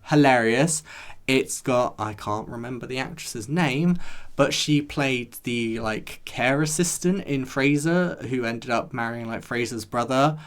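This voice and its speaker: A man's voice: mid-range voice, a little slow. A man reviewing a TV episode in a chatty, rambling way, talking straight to his viewers. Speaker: show reviewer. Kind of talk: casual chat to camera.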